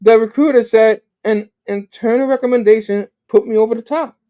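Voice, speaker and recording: A man reading out the lines of a jittery, wisecracking young male hero, a bit higher and quicker than his normal talk. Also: fairly even intonation, clear, resonant tone, dull audio. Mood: upbeat.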